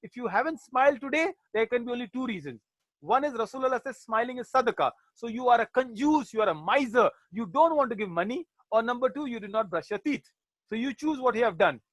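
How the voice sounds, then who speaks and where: High-voiced man teaching an online class. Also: fairly bright tone, dry recording. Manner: chatty, jokey, sprinkles Arabic religious phrases.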